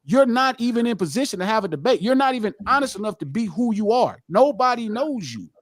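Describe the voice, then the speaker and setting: A man's voice: high voice, big pitch swings, fast talker, no room sound, studio quality. Fired-up man ranting on a live podcast. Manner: impassioned, profane, lecturing. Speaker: podcast host. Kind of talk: heated live podcast rant.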